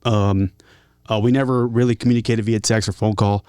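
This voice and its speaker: A man's voice: fairly low pitch, steady tone, fairly quick, darkish tone, clean tone, no room sound, studio quality. A man from San Diego, a guest musician, telling stories in a casual interview with many fillers and restarts. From San Diego, California.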